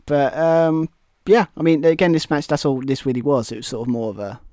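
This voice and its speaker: A British man co-hosts a wrestling podcast, chatting casually and rambling with plenty of fillers and restarts. His voice is a little high and dark in tone, fairly even in intonation and a bit fast. The recording is clean studio sound with no room echo.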